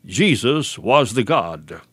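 A man delivers a radio sermon with a lively, swooping voice that rises sharply on his points. He slows down and repeats key lines for weight. The sound is dry and close, with no room around it. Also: mid-range voice, husky, no echo. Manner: emphatic preaching cadence, slows and repeats key phrases. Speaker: radio preacher. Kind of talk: broadcast sermon.

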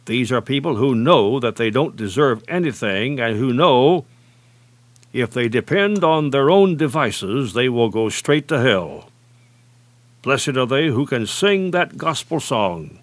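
A male preacher delivering a sermon with deliberate, emphatic phrasing. He slows down heavily for scripture quotations. His mid-pitched voice is recorded close and dry, with no room echo. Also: lively intonation.

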